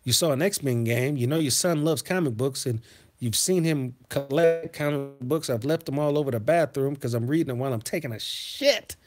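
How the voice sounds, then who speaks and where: A man hosting a casual livestream, reading chat messages and telling profane, animated stories from his childhood. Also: medium pitch, normal speed, faint music behind. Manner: profane, animated, swings into loud outbursts. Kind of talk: casual storytelling to a live chat.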